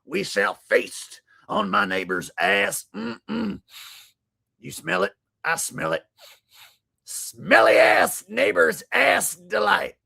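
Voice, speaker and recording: A man's voice: high voice, very animated, takes it slowly, sharp tone, heavily acted. A man doing a comic impression of a bellowing, crude male conspiracy talk-show host. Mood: crude gloating. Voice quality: gravelly, husky. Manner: bellowing, crude, manic rant.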